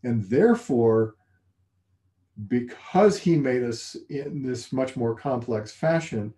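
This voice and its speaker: A man co-hosting a relaxed conversation about faith, his voice warm and mellow. He talks thoughtfully, pausing and restarting as he works through ideas. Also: medium pitch. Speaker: co-host. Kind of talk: casual faith discussion.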